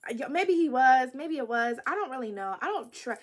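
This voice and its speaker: A young woman in her twenties telling a casual storytime vlog to the camera. She talks in an animated, expressive and wry way, with a voice sitting a little high. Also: fairly quick. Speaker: vlogger.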